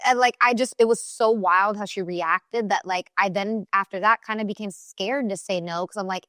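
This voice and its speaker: A woman in her thirties, a TV personality and recording artist, chatting in an interview and telling animated stories full of fillers. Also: mid-range voice, fairly quick, few pauses, no room sound, clean studio sound. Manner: chatty, animated storytelling with many "like" fillers and laughs. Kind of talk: casual interview chat.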